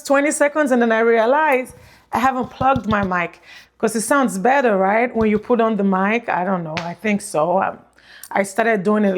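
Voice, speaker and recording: A woman in her thirties with a Nigerian accent, chatting casually to viewers on her vlog through a plug-in mic, rambling and repeating herself. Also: a little high. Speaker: vlogger. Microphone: plug-in mic on phone.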